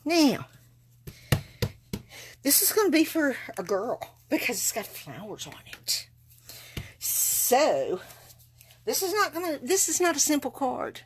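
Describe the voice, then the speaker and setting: A woman's voice: high voice, sing-song, slow, pauses often, slight background noise. A woman chatting folksily to viewers as she demonstrates card making live from her craft table. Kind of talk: live-stream craft demo.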